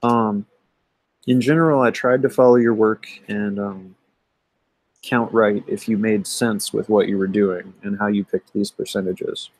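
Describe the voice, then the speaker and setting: A man teaching math, walking through exam solutions in a conversational way, often pausing with "um" and checking in with "right?". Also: on the low side, steady tone, darkish tone, no room sound, poor audio. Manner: conversational, thinks aloud with many "um" and "right?". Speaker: math instructor. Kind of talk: recorded lecture going over an exam.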